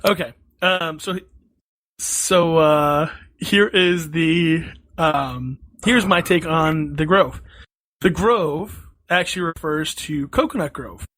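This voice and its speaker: A young man co-hosting a casual comedy podcast, presenting his research hesitantly with many pauses. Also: a little high, a bit bright, poor audio. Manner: unhurried, hesitant, full of ums and pauses. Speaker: podcast co-host.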